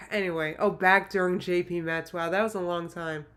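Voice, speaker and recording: A woman's voice: fairly low pitch, fairly even intonation, normal speed, fairly bright tone. A woman in her late thirties chatting casually on a livestream, reading viewer comments in an emotional, rambling way with many restarts. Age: late 30s. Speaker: YouTuber livestream host.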